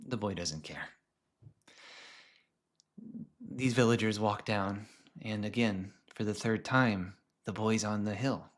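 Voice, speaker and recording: A man presenting a lesson on film characters, telling a story in a conversational way with frequent restarts and some soft, hushed stretches. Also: on the low side, unhurried. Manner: conversational, many restarts, drops to a hush at times.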